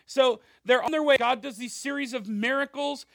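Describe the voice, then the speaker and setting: A male pastor giving a conversational sermon, animated, with frequent asides and rhetorical questions. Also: very high-pitched, moderate pace, creaky, no echo, studio quality.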